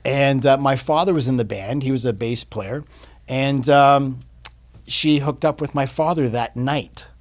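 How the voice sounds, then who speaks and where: A man in his fifties, a podcast guest, telling a personal story in casual interview talk, animated and repeating words as he goes. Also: mid-range voice, unhurried. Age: 50s.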